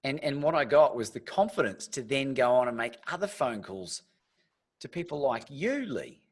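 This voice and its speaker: A man hosts a podcast in a casual, chatty way. He often restarts his sentences as he tells stories, and his voice sits at a middle pitch. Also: big pitch swings, normal speed, slightly rough. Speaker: podcast host. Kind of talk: casual interview chat.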